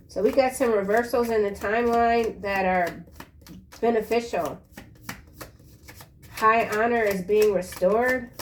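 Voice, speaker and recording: A woman reads tarot cards in a relaxed, unhurried way, her talk loose and slangy. Now and then she bursts into excited exclamations. Her voice sits at an ordinary middle pitch. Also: slight background noise. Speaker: tarot reader. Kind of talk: casual tarot reading.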